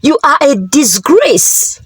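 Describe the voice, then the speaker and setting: A woman's voice: high-pitched, big pitch swings, very slow, a little mellow, no echo, heavily acted. A woman voicing an angry, grieving middle-aged father, scolding and wailing.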